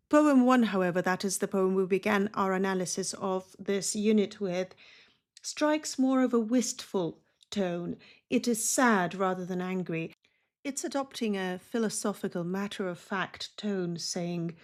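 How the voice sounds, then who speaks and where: A woman tutor walking through exam questions step by step, explaining each answer in a measured way and reading poem lines aloud. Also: medium pitch. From Oxford-trained. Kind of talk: exam walkthrough lesson.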